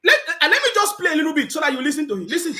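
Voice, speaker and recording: High-voiced, fervent Nigerian woman. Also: very animated, racing, soft background music. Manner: emphatic, repetitive, sometimes shouting. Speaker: political commentator. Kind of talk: impassioned political commentary vlog.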